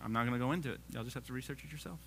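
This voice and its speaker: A man's voice: mid-range voice, very fast, a bit bright, faint music behind. A man preaching a casual sermon, reading scripture aloud and joking with the congregation.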